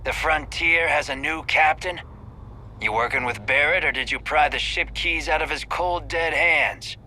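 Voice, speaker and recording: A man's voice: on the high side, normal speed, pushed and bright, slight background noise. An actor playing a menacing male space pirate leader who taunts and sneers, in video game voice acting. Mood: taunting.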